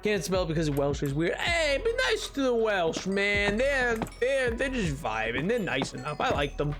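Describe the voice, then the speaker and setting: A man's voice: high voice, sing-song, normal speed. A man live-streaming a game, chatting casually with his viewers in a goofy, rambling, joking way. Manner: goofy, rambling, jokey with chat. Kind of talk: casual live-stream chat while gaming. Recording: music playing behind.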